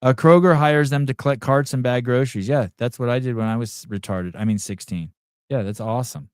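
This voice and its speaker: At medium pitch with a darkish yet clean tone, a middle-aged man talks fairly quickly as host of a podcast. Reading out chat comments, he rambles crudely and profanely in an off-the-cuff livestream, with clean studio sound and no echo.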